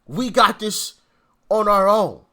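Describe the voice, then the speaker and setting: A man mimicking a politician, drawing out the words with long pauses. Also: high-pitched, animated, sharp tone, pitched above the performer's own voice, heavily acted. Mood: mocking. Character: man mimicking a politician's slow, pausing speech.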